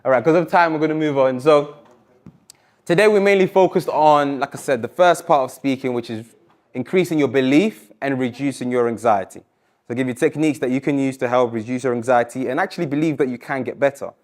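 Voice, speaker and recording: Energetic male public speaking coach. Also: medium pitch, a little fast. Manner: energetic, encouraging, varies pace and loudness for emphasis. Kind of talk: live workshop coaching. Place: university lecture room.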